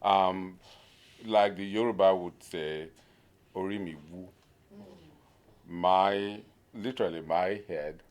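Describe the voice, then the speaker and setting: A man from Nigeria giving an informal conference talk, pausing often to search for words, with a humorous touch. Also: deep voice, darkish tone. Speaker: conference speaker.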